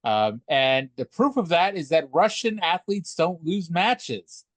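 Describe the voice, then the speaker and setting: A man's voice: on the high side, animated, slow pace, no room sound. A man co-hosting a podcast, joking and rambling in casual chat. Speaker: podcast co-host.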